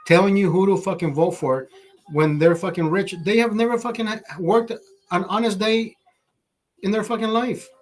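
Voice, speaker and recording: A man's voice: high-pitched, steady tone, moderate pace. Profane ranting man from Honduras. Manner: profane, ranting, switches between English and Spanish. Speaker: livestream host. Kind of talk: casual livestream chat. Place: Los Angeles, California.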